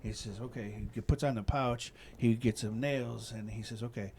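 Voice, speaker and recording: Chicago dude hosting a podcast, rambling stories, kinda middle-aged, bit of room noise. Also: male voice, mid-range voice, steady tone, normal speed, a little mellow. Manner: rambling storyteller, lots of "you know what I mean". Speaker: podcast host. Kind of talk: casual chat.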